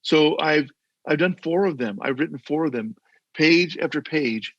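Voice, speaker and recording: Older male guest, husky and gravelly, earnest rambling storyteller, dull video-call sound. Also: fairly high pitch, moderate pace, dry recording. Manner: earnest, rambling with many restarts. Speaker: guest, former mayor. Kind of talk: casual interview storytelling.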